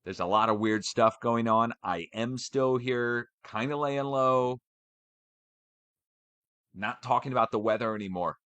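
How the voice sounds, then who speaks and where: A man giving a casual, animated ranting update for his channel, swearing as he goes. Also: mid-range voice, measured pace, clear, resonant tone, dry recording. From United States. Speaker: channel host.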